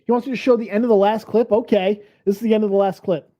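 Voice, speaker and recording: A man's voice: high voice, fairly even intonation, fast, lo-fi sound. A man hosting a reaction stream, ranting angrily and swearing, a little tipsy. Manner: angry, profane ranting. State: tipsy from beer. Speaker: stream host.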